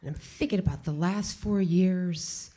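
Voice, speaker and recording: A woman telling a funny personal story live on stage, animated and self-mocking, full of "like.". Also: on the low side, unhurried. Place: small theater stage with audience.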